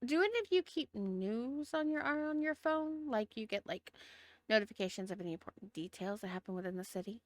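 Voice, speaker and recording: A woman's voice: a little high, lively intonation, brisk, dry recording, studio quality. A woman running a tabletop role-playing game, narrating casually and hesitantly, often restarting her phrases. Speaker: game master.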